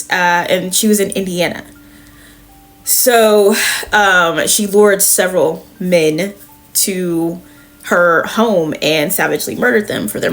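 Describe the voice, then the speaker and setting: Chatty woman recapping a comic. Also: medium pitch. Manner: chatty, profane, full of fillers. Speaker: comic review podcast host. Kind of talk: casual comic book recap.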